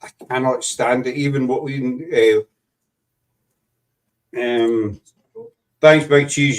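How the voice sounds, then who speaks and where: A man with a West of Scotland accent hosts a relaxed chat show, his voice sitting at an everyday pitch. He rambles and restarts his sentences, teasing his guests as he goes. He sounds a little distant from the microphone. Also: slow, long pauses. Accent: Scottish, West of Scotland. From Glasgow, Scotland. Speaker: host. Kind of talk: casual live chat show.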